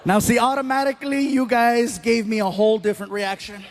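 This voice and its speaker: A man doing stand-up, telling a story with animated delivery, acting out voices and shouting the punchlines. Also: very high voice, fairly quick, over music. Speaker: stand-up comedian.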